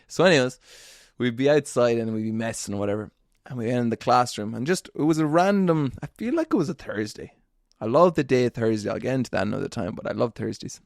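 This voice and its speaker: Talking fast, a man delivers a relaxed storytelling monologue on his podcast, earnest and encouraging while poking fun at himself along the way. His voice is mid-range with some gravel to it, and the sound is close-miked and dry, without any echo.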